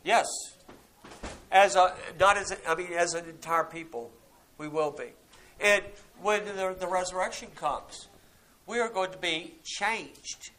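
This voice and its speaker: A man's voice: high-pitched, measured pace, pushed and bright, poor audio. A man teaching a congregation about scripture and answering listeners' questions in an explanatory way, often correcting himself mid-sentence. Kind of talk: Bible teaching with audience questions.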